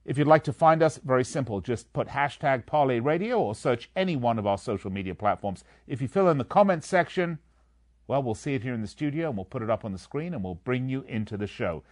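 A man's voice: mid-range voice, expressive, a little fast, dry recording, clean studio sound. A man hosting a live sports betting radio show, with playful, theatrical patter and sing-song asides.

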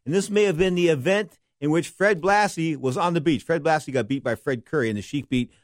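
A middle-aged man hosting a casual monologue, rambling and animated, often pausing to correct the names he gets wrong. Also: on the high side, no echo, clean studio sound. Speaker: wrestling history podcast host.

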